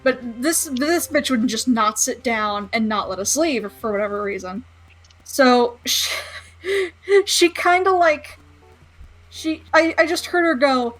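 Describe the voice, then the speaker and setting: A woman's voice: high voice, animated, takes it slowly, pauses often, soft background music. A young woman telling a story in casual chat, rambling, swearing freely and laughing often.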